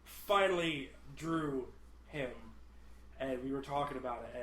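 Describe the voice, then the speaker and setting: A man's voice: mid-range voice, fairly bright tone. Rambling podcast guy in an echoey room. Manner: rambling, swears casually, half-sings song lines. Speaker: podcast co-host. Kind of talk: casual chat. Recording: echoey room with faint noise.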